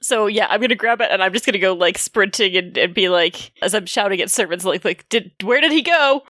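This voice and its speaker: An excitable woman describes what her character does at a tabletop game. Her voice sits dry and close to the mic. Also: medium pitch, quick pace, dry recording. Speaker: player. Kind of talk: casual tabletop play.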